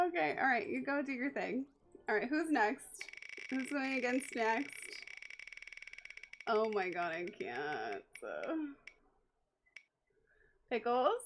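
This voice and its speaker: A woman's voice: on the high side, slow, pauses often, slight background noise. Brief: young woman game streamer, bubbly, giggly, chats with viewers, easygoing pace. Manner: excitable, laughs a lot, talks to chat. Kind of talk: live game stream commentary.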